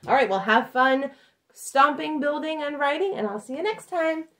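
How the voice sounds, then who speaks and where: A woman's voice: high voice, lively intonation, normal speed, fairly bright tone. A woman teaching a children's lesson, talking patiently in a sing-song teacher voice to young kids.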